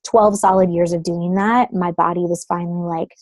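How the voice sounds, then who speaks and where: Chatty woman in her thirties, mellow voice. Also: fairly low pitch, steady tone, normal speed, no room sound. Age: 30s. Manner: chatty, uses many fillers like "like" and "um". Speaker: guest, creative consultant. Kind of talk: casual phone interview. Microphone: phone call.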